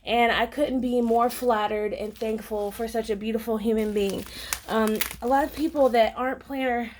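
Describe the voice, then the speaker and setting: A woman vlogging an unboxing in a casual, gushing, excitable way, with lots of ums. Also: on the high side, moderate pace, a little hiss or hum. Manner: gushing and excitable, many fillers. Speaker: planner vlogger.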